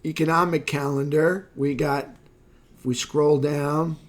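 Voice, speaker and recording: A man with a slightly hoarse voice talks through a daily market recap in a relaxed, off-the-cuff way. He thinks aloud, fills pauses with "uh" and corrects himself as he goes. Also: on the high side. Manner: casual, thinking aloud with fillers and self-corrections. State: slightly hoarse, losing his voice. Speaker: market analyst. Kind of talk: screen-share market recap.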